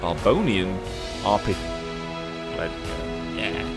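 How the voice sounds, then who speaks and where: Man gaming on a livestream, excitable, animated swooping pitch, swears, game music under his voice. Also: slow pace. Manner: excitable, swears and laughs, jumps into high yelps. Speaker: livestreaming gamer. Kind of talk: casual let's-play commentary, reading game text aloud.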